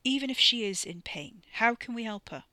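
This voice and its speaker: A woman voicing a blunt, crude young man, gruff and offhand, read from a storybook. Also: fairly high pitch, animated, fairly quick, pushed and bright, dry recording, pitched above the performer's own voice. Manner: gruff, offhand, swearing casually.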